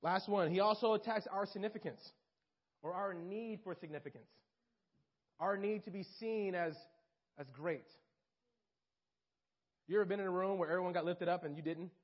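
High-voiced young preacher, lo-fi. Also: male voice, moderate pace, long pauses. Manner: animated, talks straight to listeners, acts out quotes. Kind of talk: informal sermon. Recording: dull lo-fi recording.

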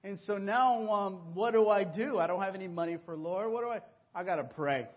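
A man from Mexico giving a personal testimony to his congregation, telling his story with animated exclamations and acted-out voices. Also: sits high, brisk, dull audio. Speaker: church member giving a testimony.

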